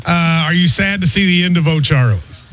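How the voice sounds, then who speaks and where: A man hosting a sports radio talk show, animated and quick to laugh, with a husky voice. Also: fairly high pitch, low-quality recording. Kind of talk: casual sports radio chat.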